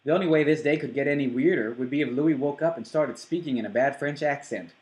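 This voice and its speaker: A man reading the sarcastic, sharp-tongued lines of a burly gay man. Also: fast talker, reverberant, close to an everyday voice, low-quality recording. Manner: sarcastic, low-key.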